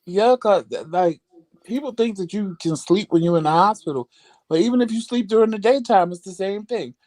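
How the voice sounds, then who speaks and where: A man hosting a casual vlog, telling animated, sassy stories and jumping into high voices when he quotes people. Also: a little fast, dry recording. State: recovering at home after hospital stay. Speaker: vlog host. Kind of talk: casual storytelling chat.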